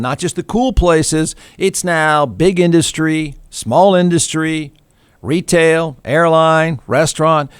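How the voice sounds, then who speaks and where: A middle-aged man hosting a talk show, ranting sarcastically and mockingly, with sudden jumps in pitch. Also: clear, resonant tone, dry recording, studio quality. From Texas. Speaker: radio talk show host. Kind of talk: snarky political commentary monologue.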